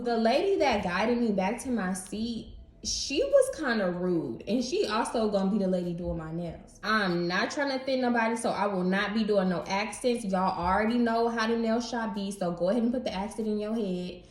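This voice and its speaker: A young woman casually telling a storytime story to her viewers, animated and slangy, speaking straight to camera. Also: medium pitch, moderate pace. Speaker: beauty vlogger. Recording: roomy echo.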